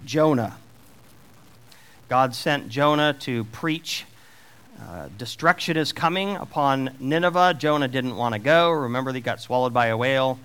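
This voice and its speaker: A man's voice: mid-range voice, measured pace, fairly bright tone, clean tone. A middle-aged man preaching a sermon, taking on God's voice for the scripture questions with rising emphasis.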